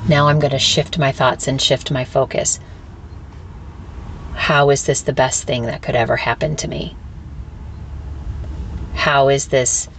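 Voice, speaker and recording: A woman hosting a spiritual self-help podcast, talking candidly and casually, swearing freely and slipping into high squeaky voices when she quotes people. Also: creaky, slight background noise. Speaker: podcast host. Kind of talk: reflective spiritual talk.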